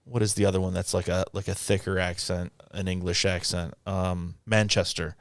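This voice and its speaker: A man's voice: low-pitched, flat delivery, normal speed, gravelly, dry recording, clean studio sound. A man co-hosting a casual podcast chat, talking in a rambling way with frequent restarts. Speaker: podcast co-host.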